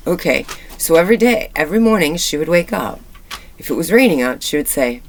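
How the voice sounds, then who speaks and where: Thirties woman vlogging, chatty and halting, full of ums and restarts, reflective. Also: low voice, lively intonation, slight background noise. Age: 30s. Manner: candid and reflective. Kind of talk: rambling personal vlog.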